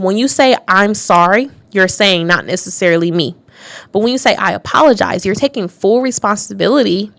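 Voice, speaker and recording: A woman's voice: mid-range voice, fairly bright tone, dry recording. A woman hosting a radio talk segment, thinking aloud and reading from notes, with many fillers and restarts. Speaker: radio show host.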